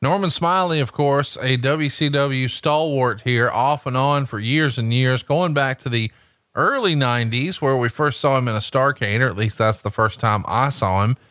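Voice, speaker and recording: A man's voice: mid-range voice, moderate pace, fairly bright tone, no echo. A man hosting a podcast, adding wrestling commentary and dry, joking asides. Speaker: podcast host.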